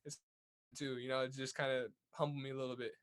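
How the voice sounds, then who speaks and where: A man's voice: medium pitch, level tone, quick pace, a bit bright, clean tone. A young man from California's Central Valley, a boxer talking earnestly as a guest in a casual interview, often repeating words as he goes. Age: young adult.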